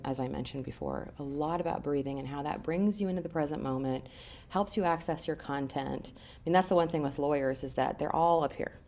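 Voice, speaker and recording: A woman with a noticeably low voice talks through her work as a communications coach. She answers interview questions in an animated, conversational way, explaining ideas with everyday examples.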